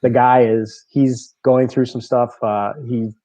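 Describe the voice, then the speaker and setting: A man's voice: mid-range voice, level tone, slow pace, mellow, dry recording. A man, a bowling podcast guest, telling stories casually and animatedly, laughing often and repeating words as he goes. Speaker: guest bowler. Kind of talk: casual storytelling in a podcast interview. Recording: slightly dull, dry lo-fi audio.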